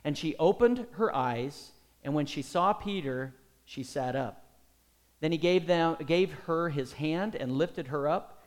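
A middle-aged man preaching a sermon as pastor, animated and putting many questions to his listeners. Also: on the high side, unhurried.

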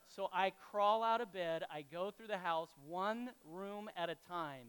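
A man delivers a sermon in a high, smooth and resonant voice. He talks in a conversational, storytelling way, often turning to the congregation with questions. It sounds like an easygoing pastor speaking from the pulpit. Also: a little slow, a bit bright, poor audio.

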